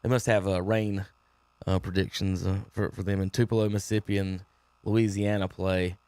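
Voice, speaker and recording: A man's voice: sits low, flat delivery, normal speed, a little mellow, clear, resonant tone, dry recording. A man hosting a sports talk radio show, reading out game schedules with casual asides and filler words. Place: radio studio.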